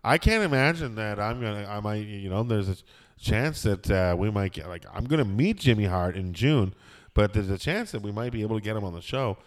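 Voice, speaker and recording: A man's voice: on the low side, expressive, fairly quick. A man hosting a casual podcast chat, rambling through stories with lots of fillers and restarts. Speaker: podcast host.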